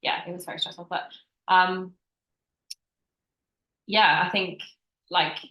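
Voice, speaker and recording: Young woman chatting on a podcast, lowish voice, tells stories with lots of quoting, roomy echo. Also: slow, lo-fi sound. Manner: chatty, animated storytelling with quoted voices. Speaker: podcast co-host. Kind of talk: casual chat.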